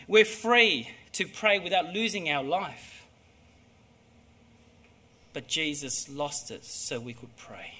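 A man preaching a sermon with emphatic delivery that moves between hushed and loud. His voice sits high and has a very bright, sharp edge. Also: big pitch swings, measured pace, a little hiss or hum.

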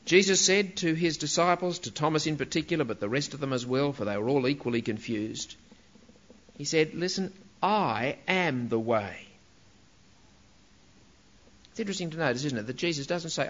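A man's voice: a little high, lively intonation, brisk, fairly bright tone, muffled recording. A man preaching a sermon, in an emphatic way, asking rhetorical questions and stressing key words.

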